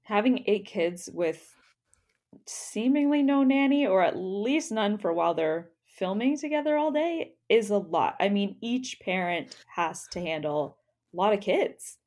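A woman co-hosting a casual podcast, chatty and expressive, laughing often while reacting to a reality show. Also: medium pitch, a little slow. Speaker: podcast co-host.

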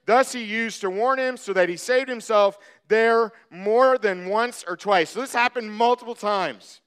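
A man preaching a sermon, retelling a scripture story with animated, acted-out voices. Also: high voice, measured pace, clean tone. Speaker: pastor.

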